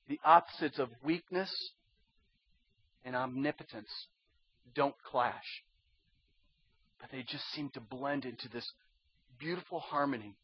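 A man preaching a sermon as a pastor, dropping to a hush and rising to loud pleading. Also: mid-range voice, lo-fi sound. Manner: swings from hushed to loud pleading.

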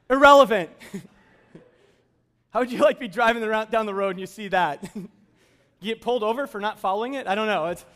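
High-voiced man preaching casually. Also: fairly bright tone. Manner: conversational, joking with the congregation. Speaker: pastor. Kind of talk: sermon.

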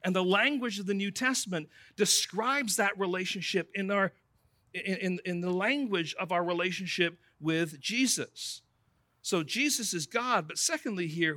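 A man's voice: sits high, pushed and bright, no room sound. A man preaching a sermon in a conversational way, calling his listeners friends. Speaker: pastor.

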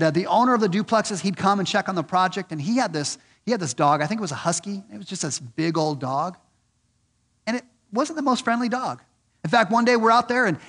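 A man preaching a sermon, earnest and repeating questions for emphasis, swinging from loud and lifted on key points to low and soft. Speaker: pastor.

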